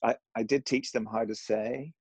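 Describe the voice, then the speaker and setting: A man's voice: medium pitch, fairly even intonation, moderate pace, breathy edge, no echo, rough recording. A middle-aged man with a Northern Irish accent touched by American, talking casually in an interview, hesitant with many fillers and restarts. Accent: Northern Irish, slightly Americanized. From Northern Ireland.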